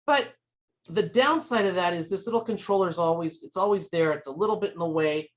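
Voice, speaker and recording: A man with a high-pitched, brisk voice gives a live tech demonstration at a user group meeting. He explains each step in a friendly, informal manner.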